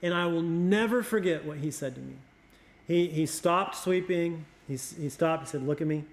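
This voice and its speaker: A middle-aged man from Oregon, a youth pastor, telling family stories in a casual conversation, reflective and a little halting, often repeating words. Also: on the high side.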